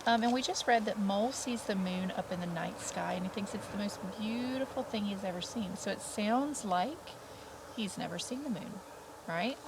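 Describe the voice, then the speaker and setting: At a normal speed and medium pitch, a woman kindergarten teacher with a gravelly voice reads a picture book to little kids amid background noise. Her reading is chatty, broken up by questions to the children and character voices.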